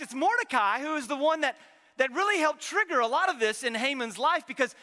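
A man preaching an animated, joking sermon with frequent restarts, in a church sanctuary. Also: extremely high pitch, big-room sound. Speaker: pastor.

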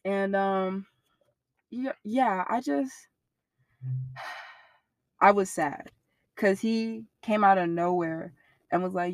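Young woman, interviewee, candid and profane, animated delivery, dry close sound. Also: mid-range voice, measured pace, dry recording. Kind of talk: candid personal storytelling.

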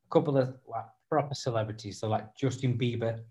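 A man's voice: medium pitch, fairly quick, warm tone. A man hosting a podcast, chatting in a rambling, self-deprecating way. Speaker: podcast host. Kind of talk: casual chat. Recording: dull lo-fi sound.

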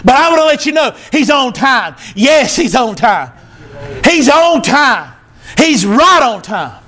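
A male pastor preaching a sermon in church, emphatic and teary, repeating short phrases and building to shouts. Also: very high-pitched, big pitch swings, takes it slowly. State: teary, emotional.

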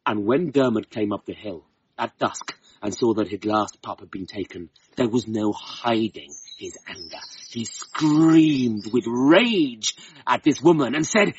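A man telling a folk tale in an expressive, dramatic way, slowing down for emphasis. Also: medium pitch, slight background noise. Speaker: storyteller. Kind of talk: oral storytelling of a folk tale. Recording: dull, slightly distant, harp music behind. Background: soft harp music.

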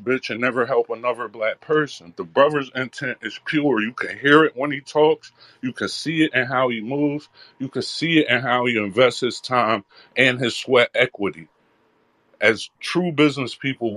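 A man's voice: mid-range voice, a bit bright, dry recording. A man speaking earnestly in a live audio chat room, with a repetitive, preaching cadence. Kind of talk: impassioned conversational address.

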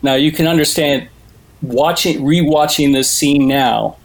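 A man's voice: fairly high pitch, measured pace. Chatty man telling a story. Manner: animated storyteller, rambling asides. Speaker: podcast co-host. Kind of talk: casual chat, retelling a film scene.

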